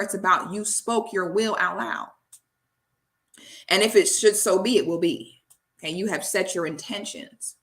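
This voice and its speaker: In a commentary vlog, a woman makes her points emphatically and preachily, checking in with "okay?" as she goes. Her voice is mid-range and a bit bright.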